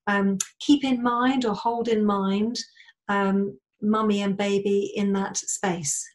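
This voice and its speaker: A woman's voice: mid-range voice, fairly even intonation, slow pace. A woman with a British accent interviewing a guest, affirming and encouraging her answers. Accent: British English. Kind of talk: interview questions.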